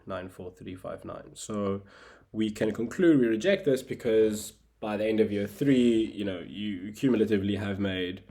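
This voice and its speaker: A young man with a South African accent and a very low voice walks through a recorded lesson step by step. He adds wry asides as he goes. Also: a little mellow. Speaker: tutor.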